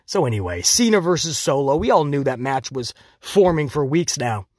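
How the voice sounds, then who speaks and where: With a fairly high pitch, a man gives a jokey, animated solo review of a wrestling show, casually breaking into quick, mocking impressions. The recording is clean studio sound without echo.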